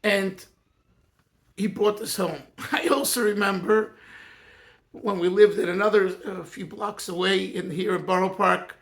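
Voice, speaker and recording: A man, a Yiddish speaker, reminiscing in a personal talk as a rabbi, earnest and halting with many restarts. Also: high-pitched, fairly even intonation, vocal fry, fairly bright tone. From United States.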